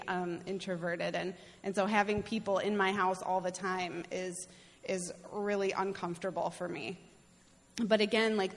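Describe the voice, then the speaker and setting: A middle-aged woman speaks casually about her mission work in an even, mid-pitched voice. She laughs often, trips over her words and fills pauses with "um" and "like". Her voice rings out in a hall with a long reverb tail. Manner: chatty, laughs often, many fillers and restarts. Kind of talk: casual testimony.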